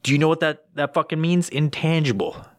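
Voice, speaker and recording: A man's voice: fairly high pitch, fairly quick, no room sound, studio quality. A man hosting his own podcast, rambling through sponsor plugs in a crude, swear-heavy casual monologue. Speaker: podcast host.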